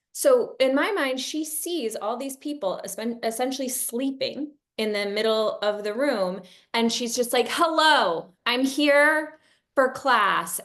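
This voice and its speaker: A woman's voice: medium pitch, a bit bright. A woman co-hosting a casual podcast, a yoga studio owner who talks candidly and mocks herself, swearing freely with many ums.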